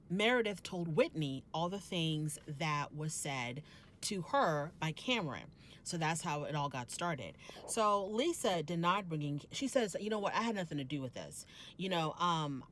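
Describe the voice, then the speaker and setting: A woman hosting a casual reality TV recap, retelling scenes and acting out the quotes in quick bursts. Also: lowish voice, slight background noise.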